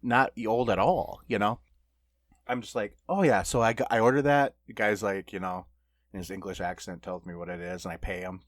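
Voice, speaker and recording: A man's voice: fairly low pitch, fairly even intonation, fairly quick, no room sound. Rambling man telling a story, dry sound. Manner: rambling storyteller, many fillers and laughs. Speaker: podcast co-host. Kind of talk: casual podcast chat.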